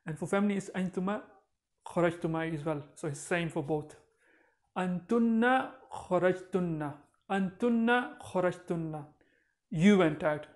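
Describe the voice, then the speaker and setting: A man's voice: sits high, normal speed. Male teacher, patient step-by-step explainer who repeats each example. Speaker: Arabic teacher. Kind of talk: grammar lesson.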